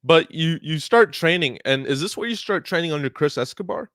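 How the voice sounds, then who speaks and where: A man's voice: on the high side, expressive, a little fast, a bit bright, no echo, clean studio sound. A man hosting a casual interview, giving short supportive prompts. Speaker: interview host.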